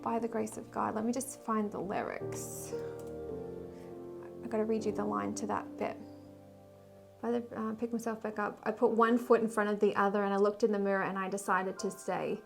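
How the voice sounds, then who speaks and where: A woman giving a casual weekly tarot reading, emotional and rambling, with sighs and soft laughs. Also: medium pitch, level tone, normal speed, vocal fry, music in the background. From Australia. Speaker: tarot reader and spiritual guide.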